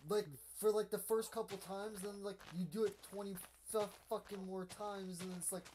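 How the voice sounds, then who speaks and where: A man's voice: high voice, little pitch movement, moderate pace, a little mellow, slight background noise. A young man chatting while playing a video game with a friend, goofy and crude in his banter. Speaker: gamer. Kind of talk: casual gaming chat.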